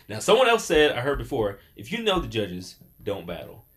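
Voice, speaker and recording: Male podcast host, lower register, loose rambling delivery with quoted asides. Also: wildly swooping pitch, brisk, a bit bright. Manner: rambling, acts out quoted voices. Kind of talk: casual chat.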